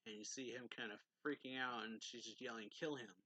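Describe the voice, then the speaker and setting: A man with a bright, forward voice talks through a manga chapter in a loose, rambling recap. He leans on "like" and "um" constantly and retells the scenes casually. The sound is close and dry, with no room around it. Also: medium pitch, flat delivery, dry recording. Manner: loose and chatty, heavy use of "like" and "um", quick laughs. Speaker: manga reviewer. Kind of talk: casual plot recap review.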